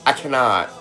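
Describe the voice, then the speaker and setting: A woman's voice: a bass voice, gravelly. A woman hosting a casual cooking livestream from home, teasing and laughing often as she chats. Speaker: cooking livestream host and mom. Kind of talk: casual live-stream chat. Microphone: phone.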